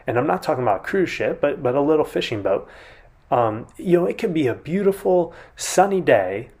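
A man's voice: on the high side, very animated, fairly quick, darkish tone, husky. Man preaching a casual, chatty sermon. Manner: conversational, many restarts and "I mean", vivid retelling. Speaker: pastor.

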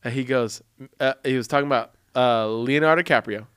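Rambling, animated male podcast host. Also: mid-range voice, a little fast, smooth, no echo, clean studio sound. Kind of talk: casual chat.

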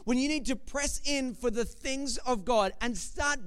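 A man's voice: very high voice, measured pace, hardly any pauses, clear, resonant tone. A man in his thirties preaching a sermon, telling a family story and building to emphatic declarations. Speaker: pastor.

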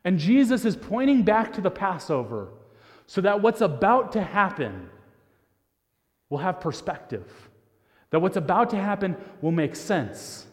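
A man preaching a sermon as pastor, earnest and often repeating words as he restarts, sometimes dropping to a soft hushed voice. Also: high-pitched, sing-song, a little slow. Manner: drops to a soft, hushed voice for emphasis. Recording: long reverb of a large hall.

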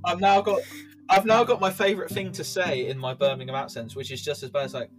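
A man co-hosting a podcast in casual chat, animated, swearing and going off on tangents. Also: a little high, fast talker, over music. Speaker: podcast co-host.

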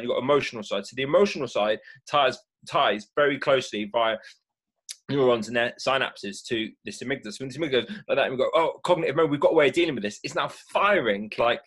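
A man talking as a mindfulness speaker, explaining the brain's stress response in a lively way and acting out reactions with gasps. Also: medium pitch, breathy edge. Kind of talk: animated explanatory talk.

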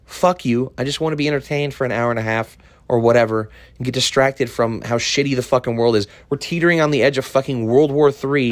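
A man's voice: mid-range voice, dry recording. Irritated man ranting, heavy swearing. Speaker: podcast host. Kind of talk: solo podcast rant.

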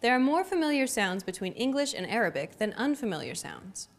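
A young adult woman hosts a language lesson with clear, upbeat, teacherly scripted narration. Her voice sits on the high side, sing-song and brisk.

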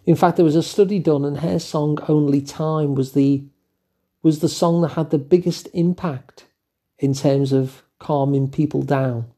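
Older English male host, dark husky voice, calm reflective delivery. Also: fairly high pitch, unhurried. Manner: gentle, musing, with fillers and asides. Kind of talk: reflective solo talk.

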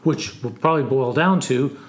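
A man co-hosting a Christian parenting podcast, giving gentle, practical encouragement to parents. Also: mid-range voice, normal speed. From United States. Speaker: co-host. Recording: roomy echo.

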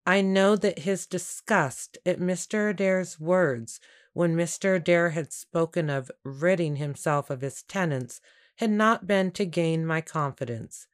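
Slow, earnest woman narrating a story. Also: fairly low pitch. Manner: measured, earnest, introspective. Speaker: audiobook narrator. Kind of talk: first-person period story narration.

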